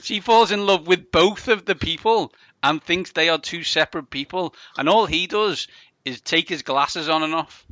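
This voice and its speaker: A man's voice: a little high, normal speed, bright, forceful tone, dry recording. A man hosting a casual podcast, joking and laughing as he reads odd news stories aloud. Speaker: podcast host.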